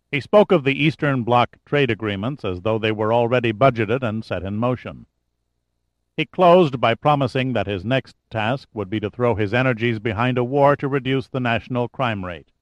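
Male narrator, steady audiobook reading, mid pitch. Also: dry recording.

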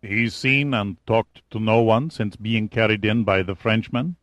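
A man voicing a pompous, cold military general in an audiobook, speaking in a measured, clipped way. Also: fairly low pitch, fairly even intonation, fairly bright tone, dry recording. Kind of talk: audiobook character reading.

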